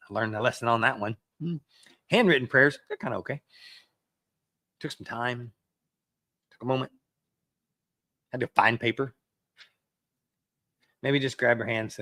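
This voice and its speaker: A man's voice: mid-range voice, sharp tone, dry recording. A man preaching a sermon as a pastor, in a conversational way that acts out everyday excuses.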